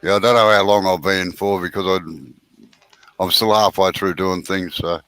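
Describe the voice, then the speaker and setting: A man's voice: low voice, fairly even intonation, normal speed, a bit bright, clear, resonant tone, rough recording. An Australian man hosting a live woodturning stream, chatting casually and teasing friends while explaining technique. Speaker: woodturning show host.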